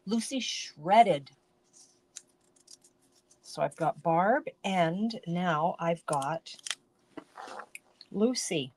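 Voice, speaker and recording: A woman with a mid-range, slightly mellow voice talks slowly and animatedly, pausing often, over a faint hiss or hum. She's hosting a casual card-making stream from her home craft room, chatting in a rambling, self-interrupting way.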